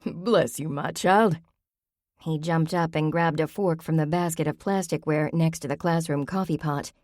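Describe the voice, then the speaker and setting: Low-voiced woman audiobook narrator. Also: no echo, clean studio sound. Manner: steady, measured storytelling.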